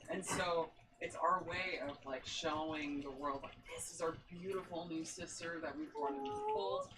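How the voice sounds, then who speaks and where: Laughter keeps bubbling up as a low-voiced woman, guesting on a casual podcast, eagerly relates her story. Her delivery is sing-song at a normal pace, and because she's a bit far from the mic, a noticeable layer of background noise sits beneath her.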